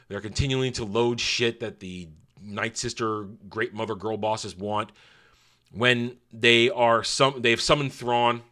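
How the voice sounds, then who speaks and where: A man's voice: mid-range voice, pushed and bright. A man giving a casual, opinionated show review in a sarcastic, scornful way, with mocking asides.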